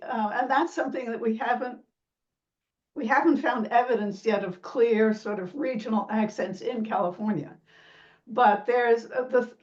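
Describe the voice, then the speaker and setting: A woman's voice: on the high side, recorded from a distance. Woman academic guest, explanatory, demonstrates sounds; dull lo-fi line. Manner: imitates vowel sounds, laughs lightly. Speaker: sociolinguist guest. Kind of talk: explanatory interview talk.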